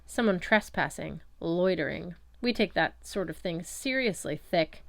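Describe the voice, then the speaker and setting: A woman's voice: medium pitch, lively intonation, moderate pace, vocal fry, a bit bright, no echo. A woman voicing a cold, disdainful male elf police officer who growls his lines with condescension and old-fashioned aristocratic speech. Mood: sneering.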